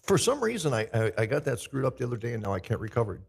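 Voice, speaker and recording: Male podcast host, casual and profane, lively pitch, raspy, recorded in an echoey big room. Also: fast talker, hardly any pauses. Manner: loose, profane, talks to himself while setting up. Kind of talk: casual pre-show chat.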